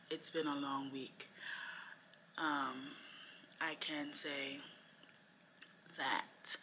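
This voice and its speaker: A woman's voice: low-pitched, sharp tone, slight background noise. A young woman, a first-year teacher, talking through her week in a casual, reflective vlog chat, rambling a little with lots of fillers.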